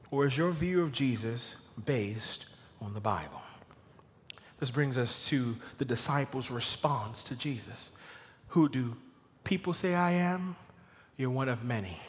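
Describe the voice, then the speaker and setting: A male pastor preaching a sermon, dropping to hushed whispers and building to loud emphatic peaks. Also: a little high, in a large hall. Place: church sanctuary.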